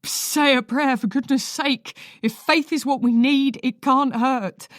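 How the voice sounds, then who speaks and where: A woman reading a desperate, reckless man who pleads and insists, a little higher and louder than her narration. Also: fairly even intonation, measured pace, no room sound, clean studio sound.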